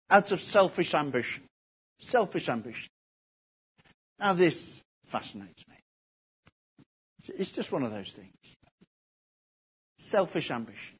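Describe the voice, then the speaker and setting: A man's voice: high voice, breathy edge. A man preaching an expository sermon, posing rhetorical questions and repeating key phrases. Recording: dull lo-fi recording.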